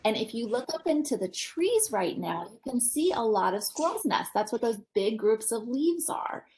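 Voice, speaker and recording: A woman parent educator reading a picture book to young children over a video call, animated, gasping and asking them questions. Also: a little high, a little hiss or hum, rough recording.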